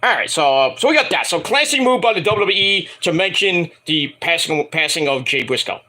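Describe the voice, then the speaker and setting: Male wrestling reviewer, high bright voice, swings all over, rambling and foul-mouthed. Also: animated, brisk. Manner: profane, rambling, mocking voices in quotes. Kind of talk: casual ranting review.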